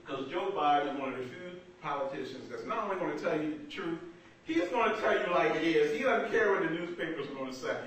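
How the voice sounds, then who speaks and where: A young man doing stand-up comedy, telling stories in an animated, conversational way. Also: fairly high pitch, fast talker. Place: small black box theater. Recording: echoey theater from far off, noisy.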